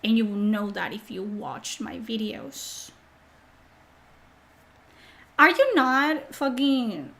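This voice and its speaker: A woman with a fairly high voice hosts her live stream while sick. She reads chat aloud and answers it in a mocking, sarcastic way, swearing freely as she talks. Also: fairly bright tone.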